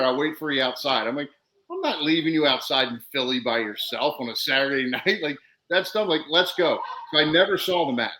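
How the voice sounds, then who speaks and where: A man with a fairly high, bright, forceful voice appears as a podcast guest, recorded roughly. He tells wrestling stories in an animated way, laughing as he goes and acting out what people said.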